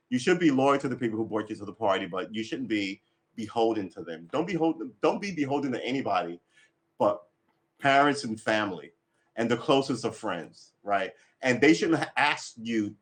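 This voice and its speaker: A man's voice: fairly low pitch, a bit bright. A man talking casually on his own livestream, blunt and opinionated, swearing freely and laughing often. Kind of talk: casual rambling chat.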